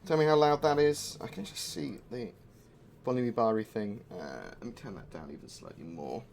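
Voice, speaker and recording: A man's voice: on the low side, animated, normal speed, vocal fry, darkish tone, slight background noise. A man streaming a video game live, chatting in a rambling, distracted way with plenty of asides. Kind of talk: live-stream chat while gaming. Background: faint music.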